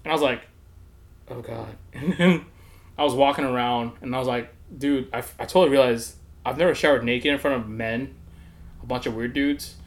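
A man's voice: medium pitch, normal speed. A man telling a story in casual chat, laughing often and acting out other people's voices.

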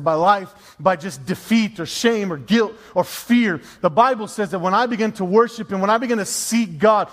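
A man preaching a sermon as pastor, emphatic and repeating key phrases for effect. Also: high voice. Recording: long reverb of a large hall.

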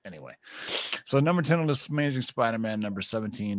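A man's voice: mid-range voice, lively intonation, fast, slight background noise. A man co-hosting a casual chat, rambling with jokey asides. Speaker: co-host.

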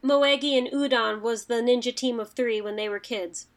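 Woman co-host, high bright pitch, rambling, chatty, casual. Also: moderate pace. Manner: rambling, chatty, frequent fillers and laughs. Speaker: podcast co-host. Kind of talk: casual chat.

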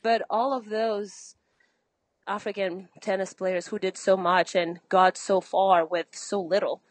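A young woman tennis coach from Benin speaks at an ordinary middle pitch, slightly out of breath. She tells her stories in a lively way and laughs often. The sound is dry and close. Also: unhurried, no echo, low-quality recording. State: a little out of breath. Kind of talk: casual interview chat.

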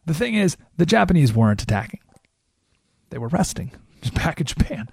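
Animated gravelly male radio host. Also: fairly high pitch, fairly quick, dry recording, studio quality. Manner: animated storytelling with frequent rhetorical "right?"; acts out quoted voices. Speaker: radio talk show host. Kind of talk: talk radio monologue.

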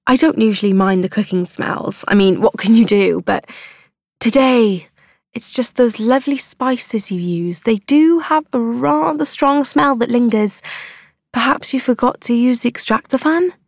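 A woman's voice: a little high, a little slow, gravelly, darkish tone, no echo, studio quality. A woman putting on a prim, prying old neighbour lady. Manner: sweetly passive-aggressive, fussy.

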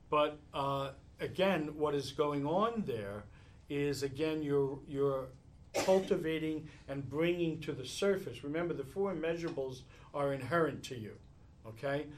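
A man teaching meditation in a live talk, telling stories in an animated way and chuckling often while answering questions. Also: fairly high pitch.

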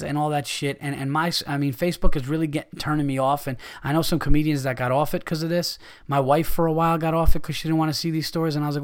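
A middle-aged man hosting a podcast, delivering a profane, angry rant with loud outbursts. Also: a little high. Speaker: podcast host, comedian.

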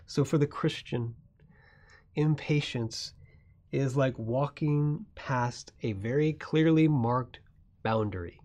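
Male pastor, mid-pitched preaching voice, soft asides building to emphatic peaks. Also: slow pace. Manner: swings from soft, low asides to loud, rising emphasis. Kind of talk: sermon.

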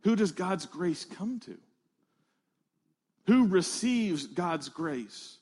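A male pastor delivers a sermon in an earnest, emphatic way. His voice sits fairly high and he takes his time, stressing phrase after phrase. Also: expressive, very slow, a little mellow, slightly rough.

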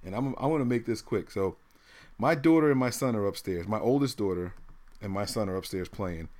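A man's voice: lowish voice, fairly quick, a little mellow. A man in his thirties telling stories animatedly in a casual podcast chat, laughing often. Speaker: podcast co-host.

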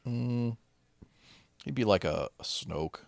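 A man's voice: mid-range voice, expressive, slow pace, vocal fry, no echo. A man co-hosting a casual movie commentary, tossing out dry, profane wisecracks. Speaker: podcast co-host.

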